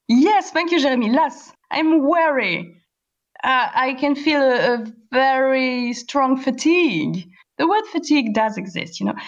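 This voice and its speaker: A woman teaching a class over a computer voice call, her voice fairly high and swinging widely in pitch. She asks patient questions and spells words out letter by letter. The call audio is dull and lo-fi. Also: lively intonation, measured pace. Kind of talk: online class explaining a play.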